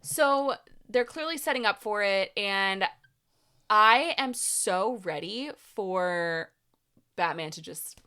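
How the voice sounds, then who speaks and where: Bright-voiced chatty young woman. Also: mid-range voice, slow, smooth. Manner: animated, rambling with many "like"s. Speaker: podcast co-host. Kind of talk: casual chat.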